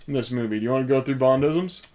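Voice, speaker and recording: A man's voice: mid-range voice, quick pace, a little mellow. A man co-hosting a casual movie podcast, reading notes aloud and laughing often. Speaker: podcast co-host. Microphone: podcast mic.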